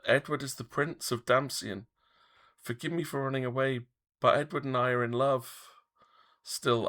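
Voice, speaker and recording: A man voicing a young grieving male prince who speaks softly and pleadingly, reading game dialogue aloud. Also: mid-range voice, voice pushed up, lightly acted. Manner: soft and pleading.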